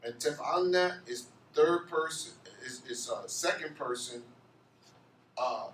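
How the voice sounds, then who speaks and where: A man's voice: fairly high pitch, takes it slowly, fairly bright tone, distant mic, a little hiss or hum. A man teaching an Arabic grammar class, asking his students questions and answering them himself. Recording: echoey room, off-mic, faint ambience.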